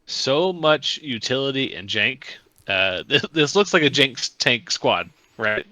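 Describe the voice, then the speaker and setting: A man co-hosting a casual podcast, halting and chuckling as he weighs game pieces. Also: mid-range voice, sing-song, sharp tone, dry recording, low-quality recording. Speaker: podcast co-host.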